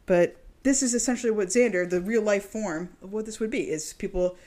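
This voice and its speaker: A woman's voice: mid-range voice, fairly quick, mellow. A woman co-hosting a podcast in loose, casual chat. She talks in a midrange voice, leans on fillers and laughs often. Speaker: podcast co-host.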